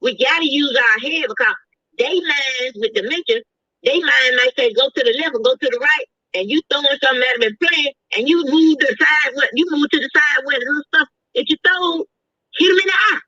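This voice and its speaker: A woman's voice: high voice, a little fast, pushed and bright, no echo, highs cut off. A woman guest on a talk show who explains at length, teaching with examples. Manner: preachy, explains with examples, rising emotion.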